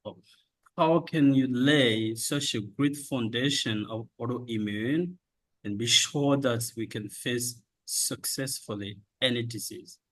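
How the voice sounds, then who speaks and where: A man's voice: mid-range voice, slow, fairly bright tone, low-quality recording. A man interviewing a guest, hesitant and repeating words as he asks his question.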